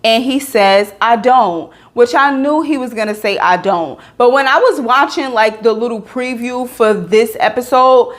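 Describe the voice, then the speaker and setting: A woman's voice: on the high side, moderate pace, few pauses. A young woman reviewing a reality show in a casual vlog, chatty and exasperated. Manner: animated, exasperated, chatty with fillers.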